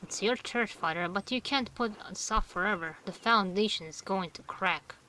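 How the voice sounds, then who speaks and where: A woman's voice: mid-range voice, moderate pace, sharp tone, a little hiss or hum, natural voice. A woman reading the lines of a village man who keeps pressing a priest about repairs. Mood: insistent.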